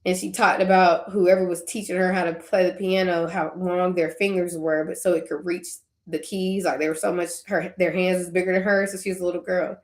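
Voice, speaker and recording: A woman's voice: fairly low pitch, little pitch movement, fairly quick, hardly any pauses. Young woman, tearful, rambling casual vlog, laughing in between, roomy echo. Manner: conversational, tangent-prone, laughing through tears. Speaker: faith vlogger. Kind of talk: emotional personal vlog.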